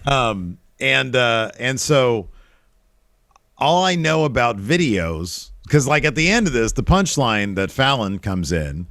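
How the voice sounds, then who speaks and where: A man's voice: mid-range voice, very animated, slow, a bit bright, no room sound, studio quality. A man in his thirties co-hosting a casual podcast, chatting in a rambling, self-mocking way. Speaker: co-host.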